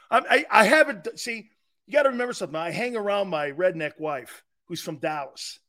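A man's voice: sits high, lively intonation, moderate pace, pushed and bright. A middle-aged man hosting a sports talk show, telling brash, joking stories and acting out the quotes. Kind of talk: animated sports radio monologue.

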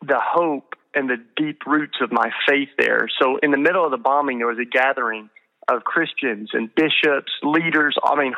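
Earnest man telling stories, muffled sound. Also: mid-range voice. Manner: earnest, emotional, frequent fillers and restarts. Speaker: guest. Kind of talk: storytelling interview talk.

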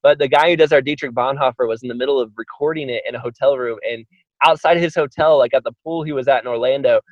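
Chatty, fast-talking man on a podcast. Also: medium pitch, no echo, highs cut off. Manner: enthusiastic, chatty storyteller. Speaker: podcast guest. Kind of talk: casual podcast chat.

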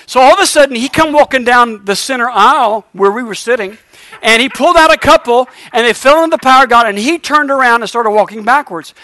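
A middle-aged man preaching a revival sermon, telling a lively story and building to shouted exhortation. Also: very high-pitched, quick pace.

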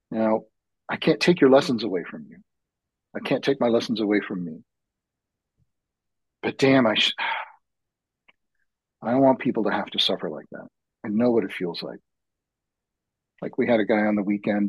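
On a rough, dry recording, a man with a husky, lowish voice guests on a podcast. He tells earnest personal stories about facilitating men's retreats, his manner reflective and heartfelt as each one slowly builds.

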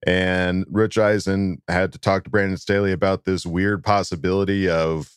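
A man co-hosting a fan podcast in casual chat, chatty and excitable, laughing often. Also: deep voice, moderate pace, smooth, dry recording, clean studio sound. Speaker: podcast co-host.

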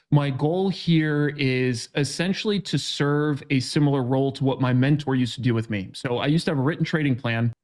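A man's voice: mid-range voice, darkish tone. Laid-back joking man, casual podcast chat. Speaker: options trading guest expert.

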